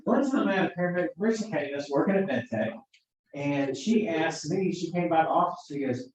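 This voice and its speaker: Brisk and expressive, with a voice pitched a little high, this EMT instructor tells his class chatty stories from work and acts out the dialogue. The recording is distant and dull, in an echoey room.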